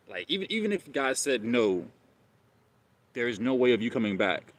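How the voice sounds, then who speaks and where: A man's voice: medium pitch, very animated, brisk. A man hosting a live stream, talking casually and rambling, often repeating himself and calling listeners bro.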